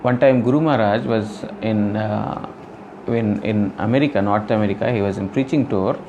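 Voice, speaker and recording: A man's voice: lowish voice, normal speed, highs cut off, background noise. A man giving a devotional scripture lecture, explaining earnestly and repeating phrases with frequent "you know". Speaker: spiritual teacher.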